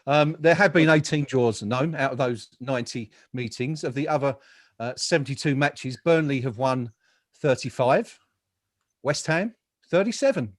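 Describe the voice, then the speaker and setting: A man's voice: mid-range voice, moderate pace, dry recording, clean studio sound. A man hosting a casual football chat over a remote call, rambling with fillers and jokes. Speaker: podcast host. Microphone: home mic, remote call.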